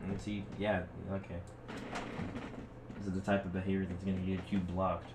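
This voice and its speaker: A man's voice: low-pitched, completely flat delivery, normal speed. A young man hosting a livestream, chatting casually on a call in slangy, teasing talk. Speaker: livestream host. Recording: clear background noise.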